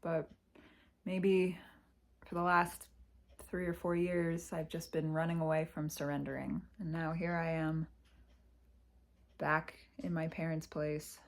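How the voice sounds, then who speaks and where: Slow, reflective woman's confessional vlog. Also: low-pitched, flat delivery. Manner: reflective, halting, sighs and pauses. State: emotional, close to tears. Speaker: vlogger. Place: her parents' house.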